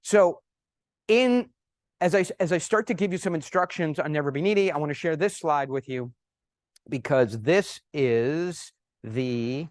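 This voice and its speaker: Animated male conference speaker, bright-toned. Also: on the high side, a little slow, no echo, clean studio sound. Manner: animated, emphatic anecdote-telling. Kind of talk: presentation with storytelling.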